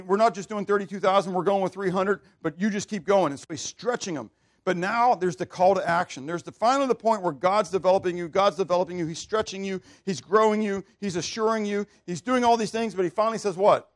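Male preacher, teaching sermon, higher voice, lively question-and-answer delivery. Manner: animated preaching with questions to the audience. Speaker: pastor.

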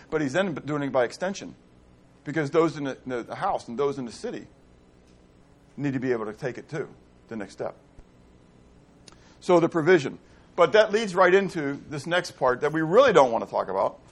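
Male pastor, high voice, animated sermon delivery with rhetorical repetition.

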